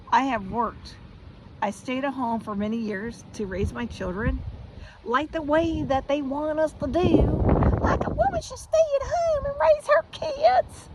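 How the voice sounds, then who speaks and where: A woman's voice: on the high side, background noise. A middle-aged woman from the United States in an impassioned monologue, blunt and profane, now and then mocking others in sing-song voices. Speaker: vlogger.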